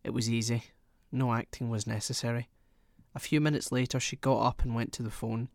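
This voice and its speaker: A man narrates a short story for an audiobook in a steady, measured storytelling voice. His pitch is mid-range and a bit gravelly. It's recorded close and dry, without room echo.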